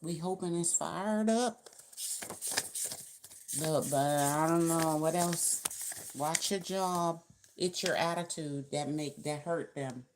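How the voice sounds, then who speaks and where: Woman, tarot reader, very low voice, chatty, loose and colloquial, rambling casual reading. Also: takes it slowly, long pauses, noisy background.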